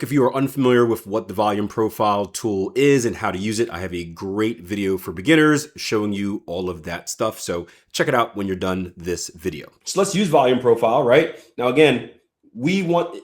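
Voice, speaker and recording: A man's voice: fairly low pitch, echoey room. A man teaching a live trading lesson in a conversational way, walking through charts and reading viewer comments aloud. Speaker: trading coach.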